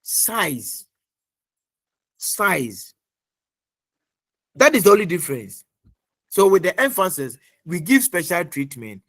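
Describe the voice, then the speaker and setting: A middle-aged man lecturing an online class, repeating points and quizzing students with many pauses. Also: sits high, very animated, a bit bright, dry recording. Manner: repetitive, quizzing, fills pauses with uh.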